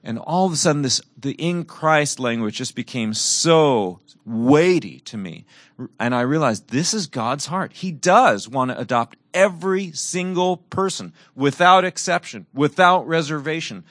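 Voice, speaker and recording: A middle-aged man preaching a sermon and telling personal stories, earnest, moving between raised emphasis and soft, quiet reflection. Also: on the high side, animated, a little slow, no room sound, studio quality.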